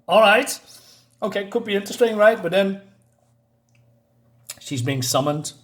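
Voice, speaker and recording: Sarcastic high-voiced man reviewer. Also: expressive, a little slow, long pauses. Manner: sarcastic, dismissive, rambling with fillers. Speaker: comic book reviewer. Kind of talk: casual spoken review.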